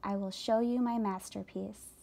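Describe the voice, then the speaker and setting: A woman voicing a gentle, wise female spider who speaks softly and low. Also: steady tone, normal speed, gravelly, close to an everyday voice. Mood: quiet, tender. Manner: soft and low-voiced.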